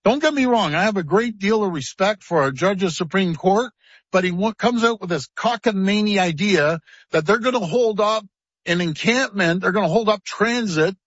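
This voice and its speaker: A man's voice: high-pitched, animated, normal speed, fairly bright tone, slightly rough, no echo. A man speaking at a news conference, blunt and indignant. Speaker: provincial premier at a news conference. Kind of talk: press conference remarks. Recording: dull, dry archive clip.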